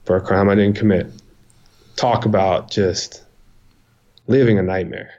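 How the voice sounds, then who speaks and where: Man, low voice, halting speech, many pauses, slightly dull muffled audio. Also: steady tone, a little mellow. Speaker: interview guest. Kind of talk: emotional personal account.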